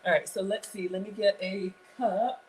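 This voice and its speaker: Hosting a relaxed cooking livestream at home, a woman in her forties from Ghana greets viewers, reads their comments, and makes fun of herself. Her medium-pitched voice is steady at a moderate pace, with background noise behind it.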